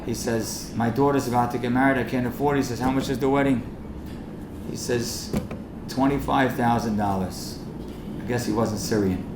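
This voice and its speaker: A rabbi telling a story and then pleading passionately with the room at a fundraising event. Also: male voice, mid-range voice, fairly even intonation, moderate pace. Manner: impassioned, rising to urgent pleading. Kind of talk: storytelling speech and charity appeal. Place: event hall. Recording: echoey hall with faint noise.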